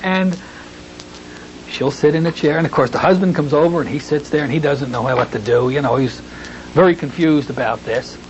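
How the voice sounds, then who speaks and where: A man teaching hypnotherapy in a recorded training lecture, talking in a folksy way and slowing into a soothing tone when he demonstrates suggestions. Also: a little high. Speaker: hypnotherapy instructor. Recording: dull lo-fi tape with faint hiss.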